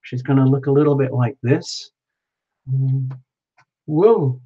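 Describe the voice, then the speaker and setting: Playful guy narrating his painting to chat live, real slow talker. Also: mid-range voice, little pitch movement, slightly rough. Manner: playful, talks to viewers, frequent exclamations. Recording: dull lo-fi sound.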